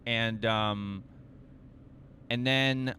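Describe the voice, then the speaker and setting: Young male podcast host, profane self-mocking storyteller; bright, tense tone, unhurried delivery, faint noise behind. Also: medium pitch, steady tone. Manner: profane, self-mocking, rambling with fillers and restarts. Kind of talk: casual storytelling monologue.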